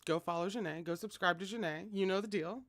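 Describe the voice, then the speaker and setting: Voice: medium pitch, fast talker, a bit bright, no echo. A fan reader reading a novel aloud, with chatty asides to viewers. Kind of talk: casual read-aloud of a novel.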